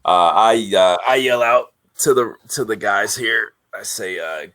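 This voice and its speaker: Slow, deep-voiced halting man. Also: fairly bright tone. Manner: halting, full of uhs, laughs often. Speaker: player. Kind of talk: playing a tabletop game.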